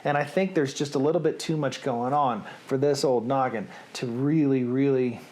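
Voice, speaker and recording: A middle-aged man talks casually to camera about his own series, drifting from point to point. His manner is chatty and self-deprecating, with a voice of ordinary pitch for a man. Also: moderate pace, a little mellow. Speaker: host of a reading series.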